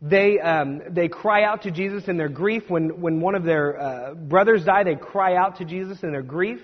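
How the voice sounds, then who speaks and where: A male pastor with a high voice preaches a sermon in church at normal speed, conversational and emphatic, with asides to the congregation. The recording is dull and carries long hall reverb.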